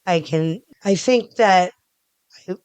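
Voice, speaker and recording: Slow and on the low side, this woman's voice has a darkish tone, recorded with no echo. She's a middle-aged podcast guest from around Philadelphia whose casual interview chat rambles, full of restarts and hand gestures.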